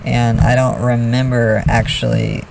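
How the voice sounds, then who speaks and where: A man talking casually to camera about his feelings and self-help, soft and earnest in a confiding way. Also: mid-range voice, level tone, unhurried, creaky, recorded from a distance, noisy background. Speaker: vlogger.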